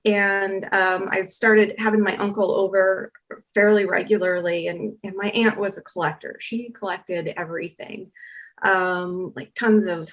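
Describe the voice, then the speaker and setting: A woman's voice: medium pitch, unhurried. A woman guest on a podcast, telling a long personal story in casual chat and acting out the exchanges she recounts. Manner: animated storyteller, acts out quoted exchanges. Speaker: documentary filmmaker guest.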